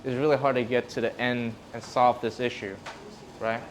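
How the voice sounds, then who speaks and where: A man's voice: medium pitch, little pitch movement, normal speed, slight background noise. A man, a physical therapist, presenting casually to a live audience in a room and acting out examples as he explains. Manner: casual, conversational, acts out examples.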